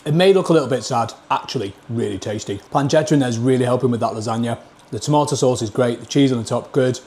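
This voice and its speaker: A man's voice: mid-range voice, fast talker, darkish tone. A man with a Northern English accent doing a casual food review vlog, blunt and plain-spoken, tasting dishes at a table into a camera mic. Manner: blunt, plain-spoken, scores each dish out of ten.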